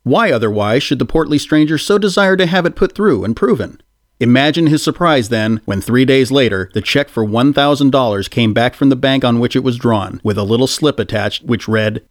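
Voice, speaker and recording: A man reading a story aloud as narrator, in an even storytelling manner. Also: mid-range voice, fairly quick, dry recording, studio quality. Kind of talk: audiobook narration.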